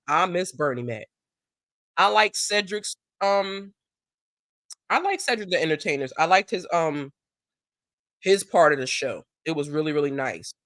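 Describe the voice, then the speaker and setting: A woman hosting a casual live stream, chatting and telling stories, acting out what people said in a higher voice. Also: normal speed, pauses often, no echo, clean studio sound. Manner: animated storyteller who acts out quotes in a higher voice.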